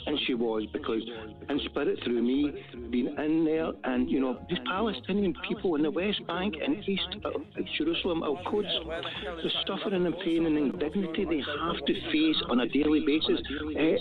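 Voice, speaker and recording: Fervent Glaswegian man on a phone line. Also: a little high. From Glasgow, Scotland. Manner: fervent, rambling, devout. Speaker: caller. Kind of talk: call-in phone chat.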